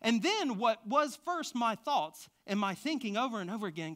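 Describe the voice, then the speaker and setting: Bright-voiced, passionate male preacher. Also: extremely high pitch, very animated, moderate pace. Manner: passionate, swings from hushed confessions to loud exclamations. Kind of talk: sermon with personal testimony. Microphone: stand microphone.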